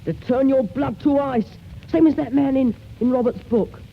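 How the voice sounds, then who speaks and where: A man's voice: very high voice, moderate pace, vocal fry. A man playing a scheming, boastful young schoolboy with eager, slangy speech in an old radio play. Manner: eager, plucky and full of boyish slang. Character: scruffy, boastful schoolboy, eleven-ish, always scheming. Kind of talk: 1940s radio acting. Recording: muffled old radio recording with faint hiss.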